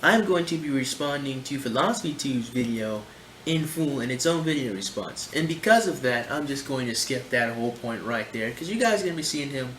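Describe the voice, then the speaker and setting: A man's voice: medium pitch, fairly quick. Rambling man in an echoey room. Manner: rambling, animated, heavy on fillers like "you know" and "my friend". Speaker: channel host reacting to videos. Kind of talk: casual commentary. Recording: echoey room with faint noise.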